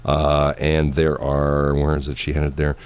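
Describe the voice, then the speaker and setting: A man's voice: very deep voice, completely flat delivery, unhurried, clear, resonant tone. A middle-aged man hosting a morning radio show, rambling in casual chat and laughing often, recorded in a radio studio.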